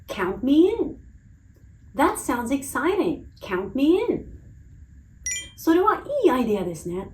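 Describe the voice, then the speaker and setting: A woman English teacher reading a phrase lesson, saying each phrase in Japanese and then twice in English, slowly and with careful, clear pronunciation. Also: sits high, darkish tone, a little hiss or hum, rough recording.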